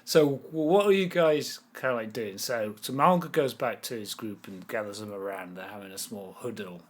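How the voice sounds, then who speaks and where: A man's voice: lowish voice, normal speed. Casual man running a tabletop game. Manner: casual, hesitant with fillers. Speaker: game master.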